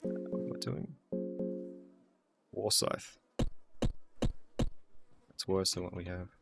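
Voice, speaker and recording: A man's voice: deep voice, level tone, takes it slowly, vocal fry, over music. An Australian man streaming a game, muttering and thinking aloud as he plays in casual commentary.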